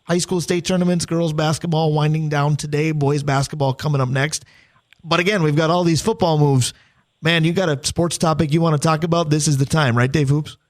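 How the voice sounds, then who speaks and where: A male radio sports host with a fairly high voice. He keeps the chat casual and upbeat and reads sponsor details smoothly. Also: fairly even intonation, brisk.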